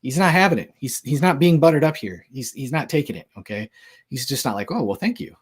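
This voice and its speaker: A man's voice: mid-range voice, expressive, a little fast, breathy edge. A man giving a casual lecture on Christian apologetics in a conversational, joking way, with lots of filler words.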